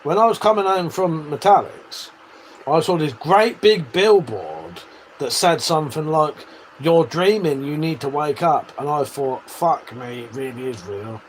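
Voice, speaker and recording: A man chats on his livestream, answering viewers with loose banter, frequent laughter and plenty of swearing. His voice sits a little high and swings widely in pitch. A faint hiss runs under the recording. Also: animated, a little slow, low-quality recording. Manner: swears a lot, laughs often, banters with chat. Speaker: livestream host. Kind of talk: casual livestream chat reading comments.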